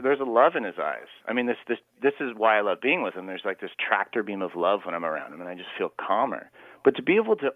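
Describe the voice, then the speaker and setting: A man's voice: mid-range voice, no room sound. Earnest man on a tinny phone line. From Canada. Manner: earnest, rambling storyteller. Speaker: guest. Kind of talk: radio phone interview.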